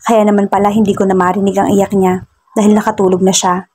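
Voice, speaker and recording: A woman with a Filipino accent reading a first-person romance story in a soft narrating voice. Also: medium pitch, little pitch movement, fast talker. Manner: soft, husky narration mixing Tagalog and English.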